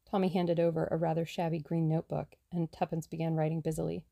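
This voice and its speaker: A woman giving measured, scripted narration of a novel as an audiobook reader. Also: low voice, flat delivery, creaky, dark tone, no echo, studio quality.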